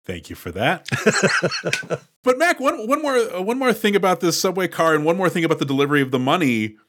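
A man's voice: high-pitched, sing-song, a little fast, a bit bright. A man co-hosting a podcast in casual chat, analyzing a film's plot in a chatty way. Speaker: podcast co-host.

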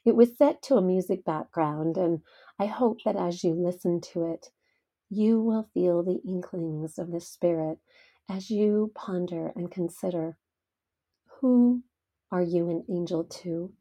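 Slow, husky-voiced woman hosting devotional talk. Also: on the low side, warm tone. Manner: earnest, heartfelt storytelling. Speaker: podcast host.

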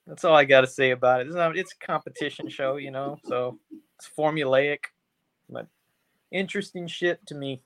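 A man co-hosting a podcast, chatting casually about a TV show in a relaxed, hesitant way. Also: a little high, moderate pace, no echo. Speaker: podcast co-host. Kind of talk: casual show review chat.

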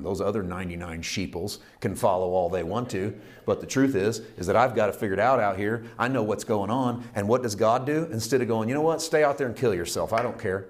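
A middle-aged man preaching a sermon, telling a parable with lively storytelling and acting out its characters. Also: low-pitched. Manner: animated storytelling, acting out characters, rising to shouts. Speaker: pastor.

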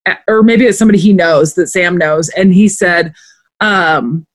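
A woman in casual chat as a podcast co-host, an animated storyteller who acts out quotes as she goes. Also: on the low side, moderate pace.

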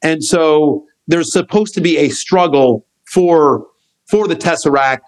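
Middle-aged guy on a podcast telling a long story, voice a bit high, keeps restarting and doing little impressions. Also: measured pace, low-quality recording. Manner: animated, acts out quotes of others; rambling with restarts and fillers. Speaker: guest.

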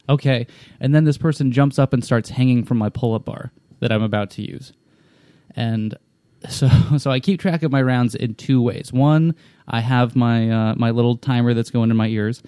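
A man's voice: medium pitch, brisk, warm tone, dry recording. A man in casual chat, telling a long story in a rambling, profane way with frequent restarts. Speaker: storyteller in a conversation.

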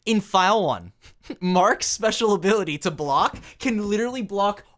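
A man's voice: sits high, animated, moderate pace, fairly bright tone. A man co-hosting a podcast in casual chat, joking and teasing. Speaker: podcast co-host.

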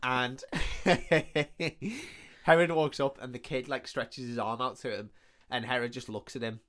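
A man's voice: medium pitch, measured pace. Swearing man recapping a film. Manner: animated retelling, heavy swearing, many "like" fillers. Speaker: podcast co-host. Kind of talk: casual film recap chat.

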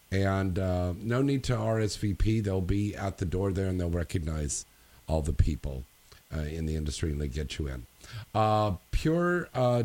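Male host, lowish voice, loose rambling read full of ums and uhs. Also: a little mellow. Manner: loose, rambling delivery with frequent fillers. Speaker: radio show host. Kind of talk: casual industry news chat.

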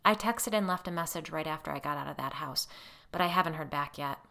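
A blunt, determined woman investigator who speaks in a firm, direct way, as a narrator voices her. The voice is bright and forceful, with a gravelly edge. It sounds like a storybook reading. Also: low voice, brisk, exaggerated voice. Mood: worried.

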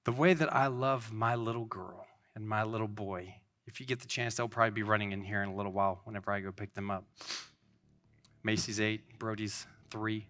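A man in his thirties preaches in a loose, conversational way. His voice is bright and clear, and his delivery is earnest and rambling, full of restarts. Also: lowish voice, fairly even intonation, a little fast. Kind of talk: informal sermon.

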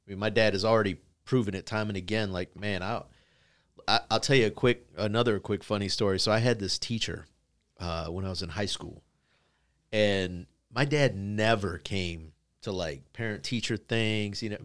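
A man co-hosts a casual business interview show in a somewhat low voice. He tells anecdotes in a lively way and acts out each person he quotes. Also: normal speed. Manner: lively storyteller who acts out the people he quotes. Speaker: podcast co-host.

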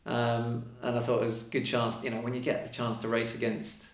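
A man's voice: medium pitch, completely flat delivery, brisk. A man talking casually as a podcast guest, chatty and fond of acting out little quoted exchanges. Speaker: podcast guest, elite mountain runner. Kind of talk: casual conversation. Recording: roomy echo.

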